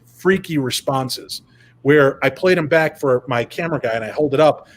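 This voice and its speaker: A man guesting on an interview over a video call, telling stories in an animated, casual way. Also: mid-range voice, normal speed. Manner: animated, retells events with quoted dialogue. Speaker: paranormal investigator guest.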